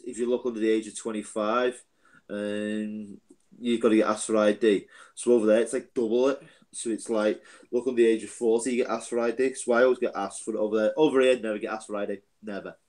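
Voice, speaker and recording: A man's voice: mid-range voice, level tone, fairly quick, a little mellow. A man in his late twenties talks loosely in a casual group chat, wandering from point to point. He laughs between his remarks and keeps circling back to restate them. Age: 20s.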